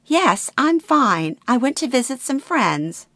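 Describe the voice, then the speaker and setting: A woman voicing a confused, stubborn elderly mother who talks in a flat, dismissive way. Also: high-pitched, slow pace, no echo, clean studio sound, pitched above the performer's own voice, full character voice. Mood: breezy.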